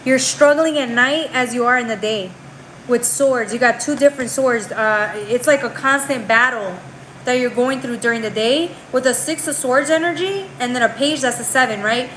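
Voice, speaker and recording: A woman's voice: on the high side, normal speed, a bit bright, a little hiss or hum, poor audio. A woman giving a live tarot reading in a chatty, slangy way. She keeps tagging her lines with "right?" and often restarts or trails off mid-phrase. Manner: slangy, calls the viewer girl and bro. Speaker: tarot reader.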